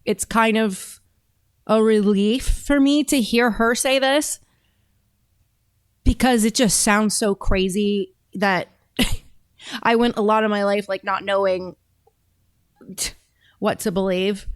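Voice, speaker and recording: A woman's voice: mid-range voice, fairly even intonation, slow, long pauses, clear, resonant tone. A woman hosting a reaction show speaks in a chatty, emphatic, conversational way. She sits close to the mic in a dry, dead-sounding space with no room echo. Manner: chatty, emphatic, talks with her mouth full at times. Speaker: show host reacting to videos. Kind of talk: casual commentary.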